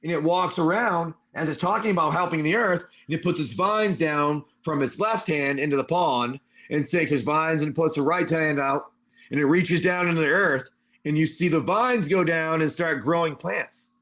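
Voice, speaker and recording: Excitable high-voiced male game master. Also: moderate pace. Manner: animated and excitable. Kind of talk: livestream tabletop game narration.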